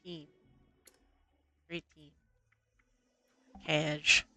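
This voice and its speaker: A high, bright-voiced man talks through what he is doing in the game in an offhand running commentary. He sounds distant, as if heard through voice chat. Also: little pitch movement, very slow, creaky, faint music behind. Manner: offhand running commentary on his own play. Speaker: co-op player.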